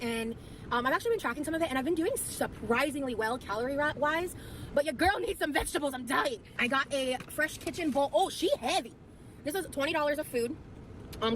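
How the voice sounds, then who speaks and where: Young woman, vlog clip, quick and chatty, slightly high, tired, noisy background. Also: fairly bright tone. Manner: chatty, rambling, lots of fillers. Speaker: vlogger. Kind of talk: casual vlog chat. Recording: vlog audio with clear background noise.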